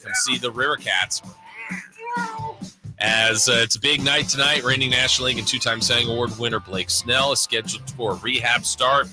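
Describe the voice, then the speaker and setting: A man's voice: medium pitch, fairly quick, rough recording. Give me a man co-hosting sports radio, reading an upbeat promo over faint music. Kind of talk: reading a sponsored segment and casual chat. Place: radio studio.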